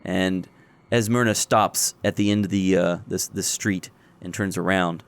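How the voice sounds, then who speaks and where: A man's voice: low voice, measured pace, vocal fry, clean tone. Man narrating as game master. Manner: descriptive, relaxed narration.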